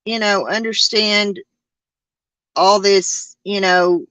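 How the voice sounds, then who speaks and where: A woman's voice: mid-range voice, steady tone, slow pace, a bit bright, clean tone, no echo. A woman, hosting a podcast in a casual chat that rambles and halts with many fillers and restarts. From Arkansas. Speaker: podcast host.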